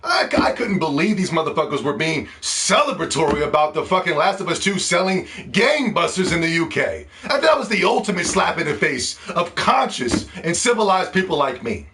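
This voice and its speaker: A man delivering a loud, profane, mocking rant as a gaming commentator. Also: a little high, sing-song, normal speed, few pauses, a crowd in the background. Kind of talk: ranting video commentary.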